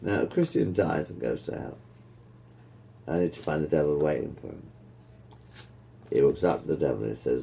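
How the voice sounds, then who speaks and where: A man rambles through a joke among friends, restarting and swearing as he goes. His voice is gravelly and mellow, with a lively, swooping pitch. A faint hum of noise sits behind him. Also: moderate pace, pauses often. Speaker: joke teller.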